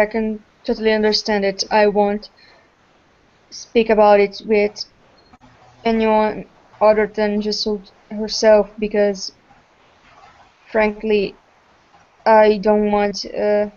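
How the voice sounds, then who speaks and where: A woman playing a frightened young woman, talking haltingly and slowly after a scare. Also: mid-range voice, close to an everyday voice. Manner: halting, flat, slow. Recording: muffled lo-fi.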